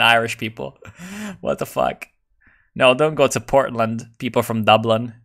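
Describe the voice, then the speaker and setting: A man streaming a strategy game and reading chat. He is excitable and profane, and he swings from mumbled asides to loud outbursts. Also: mid-range voice, measured pace, vocal fry. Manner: excitable, profane, jumps between mumbling and shouting. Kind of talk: live gameplay commentary, reading chat.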